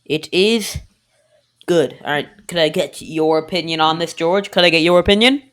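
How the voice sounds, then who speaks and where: A woman's voice: deep voice, moderate pace. A woman casually narrating a home cooking video, joking to herself and filling gaps with "anyway". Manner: rambling, jokey, keeps saying "anyway"; talks to self and the viewer.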